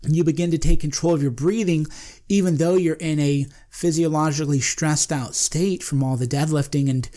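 A man's voice: on the high side, steady tone, normal speed, mellow. Emphatic man hosting a podcast. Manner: emphatic, self-interrupting, repeats phrases. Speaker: podcast host. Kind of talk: casual monologue.

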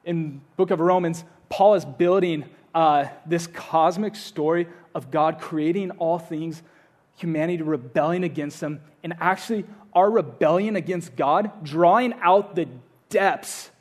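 Earnest male preacher, fairly high voice. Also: unhurried. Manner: earnest, repeats phrases, swings from loud urging to hushed. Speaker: pastor. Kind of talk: sermon.

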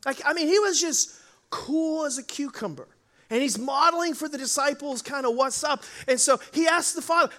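A man's voice: very high-pitched, normal speed. A man preaching a sermon as pastor, telling a Bible story and acting out the voices in it. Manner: animated, acts out Bible voices.

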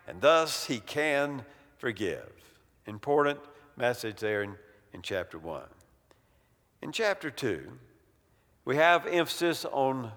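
A man's voice: mid-range voice, fairly bright tone. Man teaching in a reverberant hall. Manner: conversational teaching, slows down to stress key words. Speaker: Bible study teacher. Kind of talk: evening Bible study lecture.

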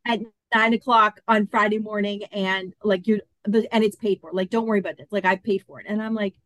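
Woman, 50s, interview guest; animated storyteller who performs the quotes, medium pitch, dry close mic. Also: a little fast, no room sound. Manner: animated, acts out quoted dialogue. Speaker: podcast guest.

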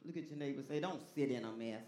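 A pastor preaching a sermon with call-and-response, dropping to a hush and then rising to a shout. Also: medium pitch, fast, echoey room.

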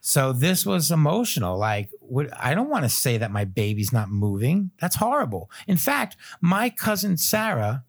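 A man in his thirties, a podcast guest, telling a long personal story in a loose, animated way, full of fillers and little chuckles. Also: fairly high pitch, normal speed, hardly any pauses. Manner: loose filler-heavy phrasing. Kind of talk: casual storytelling chat.

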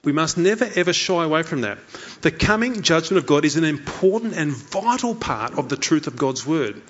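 A man preaches, his slightly high voice rising and falling with animated swings. He drives each point home by repeating key lines. The recording sounds dull and lo-fi. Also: normal speed, slight background noise. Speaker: pastor. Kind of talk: sermon.

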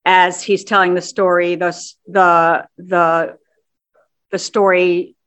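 A woman, a theater director, answering interview questions in a measured way with frequent ums. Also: on the low side, little pitch movement, a bit bright, clean tone.

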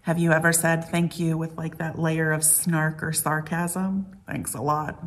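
A woman pastor giving a gentle, reflective sermon, asking the congregation many questions. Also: sits low, flat delivery, measured pace.

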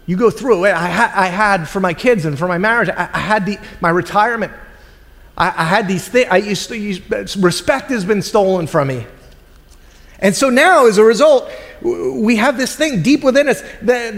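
A man's voice: high voice, expressive, moderate pace, fairly bright tone, in a large hall. A man preaching a sermon in a conversational way, acting out the voices of people in the story. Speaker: pastor.

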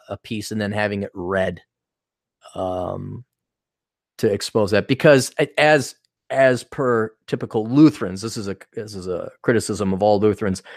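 A man's voice: fairly low pitch, no echo, clean studio sound. Rambling, irreverent podcast host, man. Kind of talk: casual rambling monologue.

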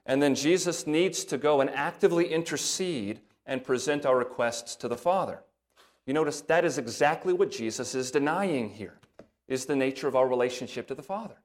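A man preaching from the pulpit, working steadily through a passage of scripture. He reads the verses with lifted emphasis and drops to a softer, lower voice for brief asides. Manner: breaks into soft asides in a lower voice. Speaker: pastor. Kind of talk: sermon.

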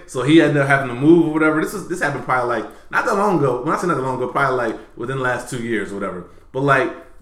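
A man with a slightly high voice tells a story in casual podcast chat. He is animated and profane, jumping from loud bursts to quiet mutters. The room around him is roomy and echoey. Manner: animated, profane, swings between loud and low. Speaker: podcast host.

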